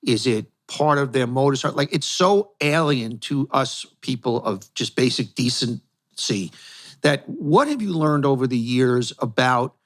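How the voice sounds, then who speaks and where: A man with an American accent hosting an interview, asking long questions with halting restarts. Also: mid-range voice. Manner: halting, restarts, searching for words. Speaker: podcast host.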